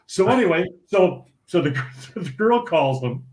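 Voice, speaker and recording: A man's voice: high voice, unhurried. Older man from St. Paul, Minnesota, raised voice, chatty anecdote teller with plenty of laughs, in an echoey room. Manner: animated, laughing anecdote-telling with many restarts. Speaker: podcast guest, former pro bowler. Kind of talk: casual storytelling. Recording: roomy echo.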